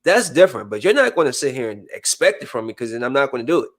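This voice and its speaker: A man's voice: medium pitch, fast talker. A man hosting a podcast in casual chat, talking animatedly and acting out the people he quotes. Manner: animated, acts out quoted voices. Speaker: podcast host.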